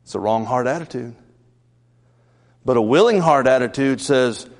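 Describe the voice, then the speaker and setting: A man's voice: mid-range voice, lively intonation, normal speed, long pauses. A man preaching a sermon in a church, talking in a folksy, conversational way and putting questions to his congregation. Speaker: pastor. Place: church sanctuary. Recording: long church-hall reverb.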